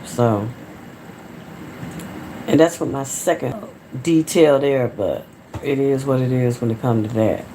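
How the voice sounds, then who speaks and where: A woman's voice: rumbling low, a little slow, pauses often, mellow, a little hiss or hum. A woman from Atlanta with a Southern American accent, chatting casually and rambling to her viewers on a phone livestream from home. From Atlanta, Georgia, USA. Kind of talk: casual live-stream chat.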